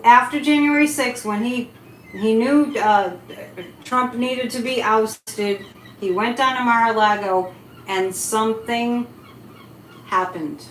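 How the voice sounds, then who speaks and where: A fairly high-voiced woman talks casually on a live stream, chatty and animated. The room is echoey, with a faint hiss of noise behind her. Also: takes it slowly. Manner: chatty and animated, reads chat comments aloud. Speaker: psychic livestream host.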